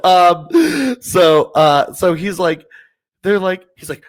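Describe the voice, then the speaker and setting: A young man co-hosts a podcast, chatting casually in a fairly high voice at a slow pace. He's animated, laughs often, and acts out quotes.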